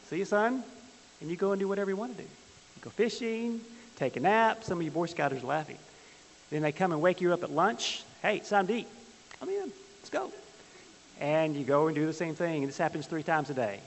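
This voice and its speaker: A man leads a church Bible class in a folksy, joking way, stopping to ask his listeners questions. His voice sits a little high. The recording carries a long hall reverb and a faint hiss. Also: a little fast. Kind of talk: church teaching with stories.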